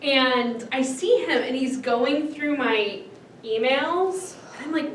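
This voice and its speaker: A woman with a fairly high voice tells stories to a class, acting out other people's voices as she goes. She sounds a little far from the mic, and the room adds echo and faint background hum. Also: takes it slowly. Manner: animated storytelling that acts out other people's voices. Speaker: speaker on autism and families. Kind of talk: storytelling lecture. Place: lecture room.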